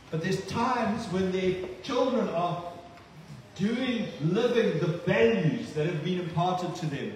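A male pastor preaches an earnest sermon, repeating words for emphasis. His voice is on the high side, recorded with a distant mic in an echoey hall, with a little hiss or hum.

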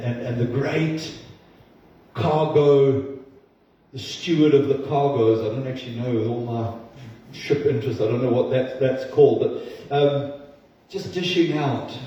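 A man's voice: medium pitch, measured pace, dark tone. A male pastor giving a sermon in an earnest, conversational way, with self-deprecating asides. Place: church sanctuary. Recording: distant, roomy, dull-toned church recording.

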